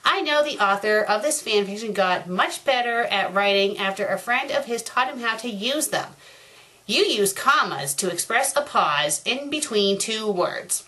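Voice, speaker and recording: A prim, fussy cartoon boy lecturing on grammar, read aloud by a woman. The voice is fairly high, bright and bouncy, and it carries a teacherly patience. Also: expressive, moderate pace. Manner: prim, instructive reading.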